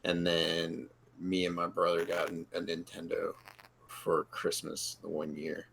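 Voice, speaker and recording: A man co-hosting a gaming podcast, talking in a rambling, halting way with many fillers over an online call. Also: low-pitched, completely flat delivery, gravelly, a bit bright, slight background noise, poor audio. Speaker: podcast co-host. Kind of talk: casual chat.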